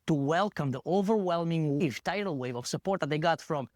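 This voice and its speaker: A man's voice: fairly quick, no echo. Guy telling an emotional story, voice jumping around, dry close mic. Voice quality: animated, acts out quotes with big pitch jumps. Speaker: guest. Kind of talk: emotional first-hand storytelling.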